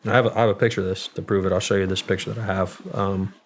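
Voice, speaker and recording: A man's voice: deep voice, level tone, rapid-fire, slight background noise. A young man in his twenties, a guest in an interview, telling a story in a casual, profane way with lots of fillers and acted-out quotes. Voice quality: gravelly. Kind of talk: storytelling in a long-form interview.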